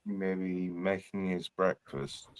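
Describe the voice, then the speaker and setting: A man hosting a casual live stream, talking in a relaxed, soft-spoken way. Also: sits low, slow pace, clear, resonant tone, no echo. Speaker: host.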